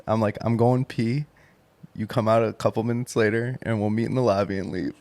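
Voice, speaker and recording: A man's voice: lowish voice, fairly even intonation, brisk. Laid-back man who laughs a lot. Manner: laid-back, laughs often, trails off quietly. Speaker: podcast guest. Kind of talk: casual chat.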